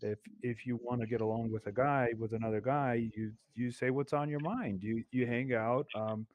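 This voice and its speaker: A man hosting a podcast in casual conversation. He muses in a measured, reflective way. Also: medium pitch, steady tone, darkish tone. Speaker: podcast host.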